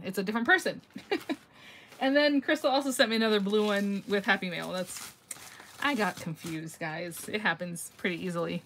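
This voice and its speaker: Woman, middle-aged, craft vlogger, live stream chat, phone mic, bright crisp tone, gushing, laughs often. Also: medium pitch, slight background noise. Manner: gushing and chatty, laughs often, thinks aloud. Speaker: craft vlogger hosting a live mail reveal. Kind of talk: casual live-stream chat, reading viewer comments.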